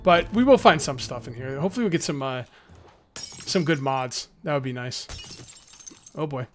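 A man's voice: medium pitch, normal speed, over music. A man hosting a let's play, giving casual gameplay commentary and taunting enemies as he goes. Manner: excitable, jokey, taunts enemies.

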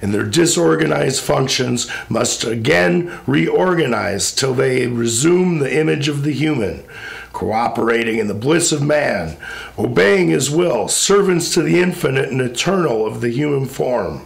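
A man giving a recitation of epic poetry, in a solemn, measured and rhythmic declamation. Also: medium pitch, animated, gravelly.

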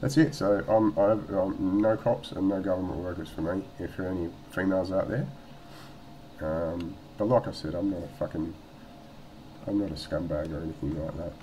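A man's voice: deep voice, fairly even intonation, normal speed, dark tone, slight background noise, low-quality recording. An Australian man telling a story casually in a vlog at home, rambling and swearing, with lots of fillers and restarts. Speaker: vlogger.

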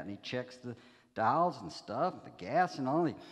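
A man's voice: medium pitch, animated, fast. A man from Alabama, preaching as a guest speaker in a chatty, joking way with plenty of fillers. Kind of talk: sermon with jokes. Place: church sanctuary. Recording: long reverb of a church hall.

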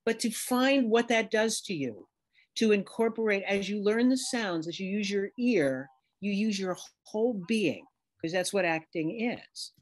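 Expressive middle-aged woman from New York City. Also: mid-range voice, unhurried. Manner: animated, expressive, talks in images and examples. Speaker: dialect coach. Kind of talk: casual interview talk.

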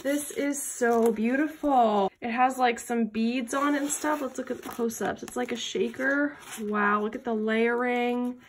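A woman hosting an unboxing vlog at a craft table, gushing with excited exclamations over each item. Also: fairly high pitch, unhurried, hardly any pauses, slight background noise. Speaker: craft channel host.

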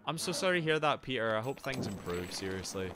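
Excitable man streaming a game. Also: medium pitch, fast talker, faint music behind. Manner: excitable, sweary, chatting to viewers. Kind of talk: live gameplay commentary.

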